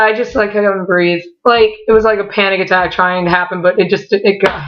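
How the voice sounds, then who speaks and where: A woman vlogger telling a story casually, excitable and full of swearing as she acts out what people said. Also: mid-range voice, brisk, hardly any pauses. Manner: excitable, profanity-laden, quoting voices. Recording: dull lo-fi recording.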